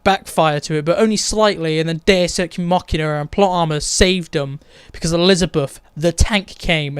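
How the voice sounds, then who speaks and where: A man's voice: fairly high pitch, clear, resonant tone, dry recording. A man giving a blunt, opinionated and sarcastic casual review of a TV episode. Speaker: TV show reviewer.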